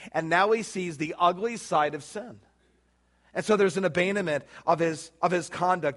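A man's voice: high-pitched, fairly bright tone. A man preaching a sermon, emphatic, acting out quoted prayers in a rising voice. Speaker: pastor.

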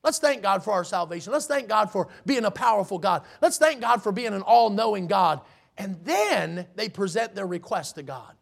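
A man preaching a sermon, reading scripture slowly and with emphasis, then applying it to his listeners. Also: high-pitched, very animated, creaky.

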